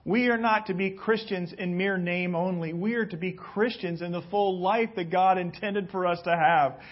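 A male pastor giving a sermon, telling stories dramatically and slowly. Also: sits high, steady tone. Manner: dramatic storytelling, slow and deliberate. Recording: dull lo-fi recording.

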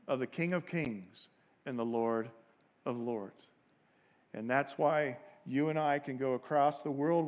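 A man preaching a sermon as pastor, moving from quiet, low asides to loud, shouted peaks and leading the congregation in call and response. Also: lo-fi sound. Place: church sanctuary.

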